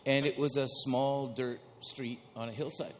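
A man from Mexico, an author speaking as a panel guest, lively and playful. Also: mid-range voice, unhurried, slight background noise. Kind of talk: panel discussion. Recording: reverberant hall.

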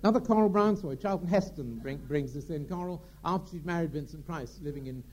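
A male raconteur spins theatrical anecdotes in a chatty, halting way. His voice sits fairly high but sounds mellow and warm. He pauses often with fillers. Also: muffled recording, a little hiss or hum. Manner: chatty, hesitant with many fillers. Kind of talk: anecdote telling.

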